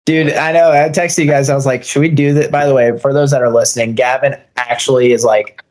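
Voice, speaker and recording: A man's voice: medium pitch, flat delivery, a little fast, a little mellow. A man co-hosting a podcast, laid-back and agreeable in casual chat, laughing often. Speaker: podcast co-host.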